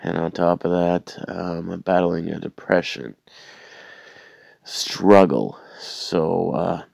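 Low croaky guy home sick w a cold, grumbling and rambling, dry close sound. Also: fairly even intonation, slow pace, darkish tone, no room sound. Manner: rambling, repeats and restarts words, sardonic complaining. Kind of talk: casual rambling rant to camera.

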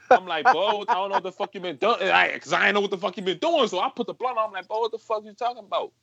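A man's voice: sits high, expressive, fast talker, creaky, a bit bright, slightly rough, muffled recording. A man telling a crude story in casual chat, swearing, full of slang and laughing as he goes.

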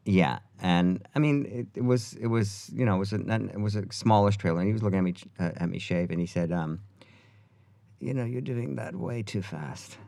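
A man co-hosting a podcast, telling stories in a halting way with many restarts. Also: sits low, warm tone, no room sound. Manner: halting, many restarts, does impressions in quoted lines. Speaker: podcast co-host. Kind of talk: casual chat, storytelling.

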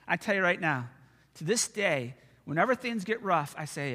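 A man's voice: fairly high pitch, normal speed. A man preaching a sermon to his church, telling stories from his own life in a loose, chatty way. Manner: conversational storytelling, animated and expressive. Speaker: pastor. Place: church sanctuary. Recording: long church hall reverb.

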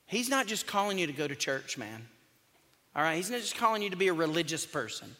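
A man's voice: on the high side, very animated, a little fast, bright, forceful tone. A male pastor, preaching a sermon in a conversational, joking and emphatic way. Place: church sanctuary. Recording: long church hall reverb.

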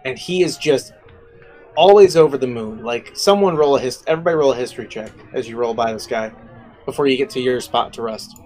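A man's voice: medium pitch, fairly quick, a little mellow, faint music behind, low-quality recording. A man narrating a tabletop game as game master, casual and rambling.

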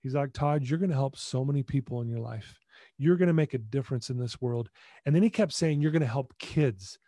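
A middle-aged man, a podcast guest, tells a personal story in a medium-pitched voice at a fairly quick clip, recorded dry. He animates the retelling by acting out dialogue, often restarting and repeating words.

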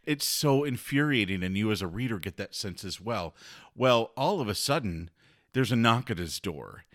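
A man co-hosting a podcast, retelling a romance novel's plot in lively, casual chat. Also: on the low side, moderate pace, dry recording, clean studio sound. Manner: animated storytelling, laughs often. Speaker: podcast co-host.

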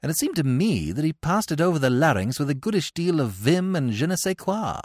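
Lively male storyteller, very animated pitch, dry close studio sound. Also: fairly quick, husky, no echo. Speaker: narrator. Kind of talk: audiobook reading of comic fiction.

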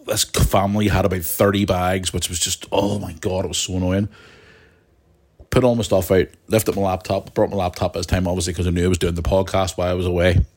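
A man's voice: sits low, little pitch movement, brisk, darkish tone. A young man hosting a podcast, telling a long rambling story with plenty of restarts and asides to his listeners. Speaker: podcast host. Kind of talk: casual storytelling monologue.

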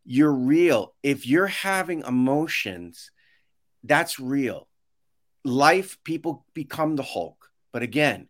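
A man's voice: mid-range voice, takes it slowly. A man speaking as a guest in a casual interview over a video call, telling stories with many restarts and acting out what others said. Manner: animated storyteller, acts out quotes, many restarts. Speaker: podcast guest, education consultant. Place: home office with shelves.

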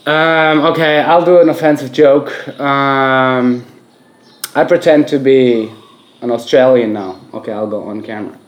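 A man co-hosting a casual podcast, earnestly explaining his view with halting restarts. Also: medium pitch, fairly even intonation. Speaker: podcast co-host. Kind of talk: casual chat.

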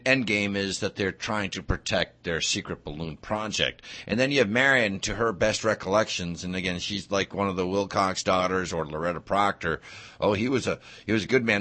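A man's voice: lowish voice, pushed and bright. A man arguing in a debate, with hesitant stammering restarts that speed up. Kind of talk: debate argument.

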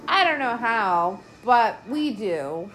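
A woman's voice: fairly high pitch, takes it slowly, slight background noise. A woman hosting a podcast, giving casual, exasperated commentary on a movie as she watches it, swearing often. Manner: lively, exasperated, heavy swearing. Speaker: podcast host.

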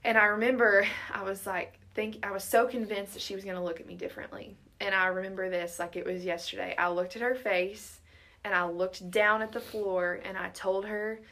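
A woman's voice: medium pitch, steady tone, brisk, sharp tone. A college-aged woman earnestly telling a personal faith story in casual chat, often quoting her own thoughts. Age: around 20. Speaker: guest sharing testimony.

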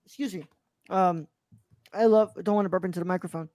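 A woman's voice: lowish voice, fairly even intonation, fairly quick, mellow, no echo. A woman hosting a live group chat show, talking in a laid-back, rambling way with lots of fillers. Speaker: podcast host.

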